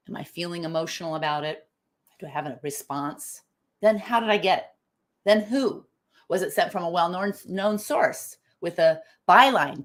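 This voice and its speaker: A woman hosting a live online talk, emphatic and animated, asking her audience questions as she goes. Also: medium pitch. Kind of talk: lively live-stream talk.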